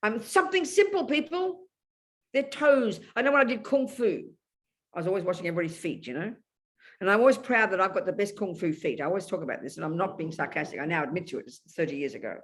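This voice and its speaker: A woman's voice: lowish voice, fast. A woman giving a Buddhist dharma talk to an audience, blunt and emphatic, often checking in with her listeners. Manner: emphatic and animated, often asks the audience "you know?"; blunt, outspoken. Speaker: Buddhist teacher.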